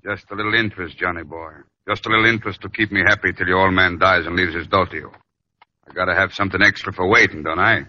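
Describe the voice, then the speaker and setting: A man's voice: low-pitched, fairly even intonation, quick pace, close to an everyday voice. An actor playing a menacing male gangster who lends money, in 1940s radio acting. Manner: sneering, threatening. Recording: dull lo-fi old radio recording.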